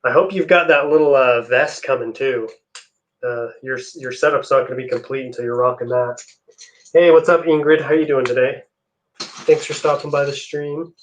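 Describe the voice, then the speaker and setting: A man's voice: medium pitch, moderate pace, slight background noise. A young man hosting a live stream, chatting casually with viewers while he builds. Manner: relaxed, chatty, answers chat messages.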